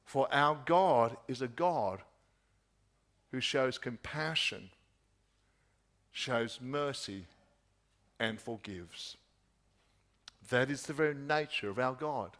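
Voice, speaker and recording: A man preaching a sermon, asking repeated rhetorical questions and dropping his voice soft at key points. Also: medium pitch, slow, long pauses.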